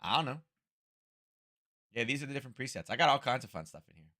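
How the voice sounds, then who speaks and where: A slightly hoarse man hosting a trading livestream from home, talking casually and thinking aloud into a close microphone. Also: mid-range voice, animated, fast talker, bright, forceful tone. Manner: rambling, thinking aloud, chuckling asides. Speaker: trading stream host. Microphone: close-up desk microphone.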